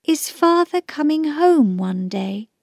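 A woman voicing a thoughtful young girl, speaking in a raised, gentle, pleading tone. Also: high voice, very animated, takes it slowly, creaky, dry recording, clean studio sound, pitched above the performer's own voice, exaggerated voice. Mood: earnest.

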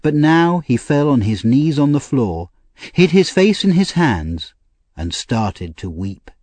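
Medium in pitch and recorded dry, this male narrator reads an audiobook with measured, expressive delivery.

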